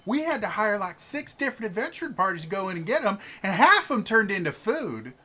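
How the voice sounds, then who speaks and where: A game master voicing a chatty, fawning noble wife with a high, sing-song drawl. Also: very animated, a little fast, pushed and bright. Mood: gushing. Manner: fawning, talks over her husband. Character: gushing, chatty noble wife who mothers strangers.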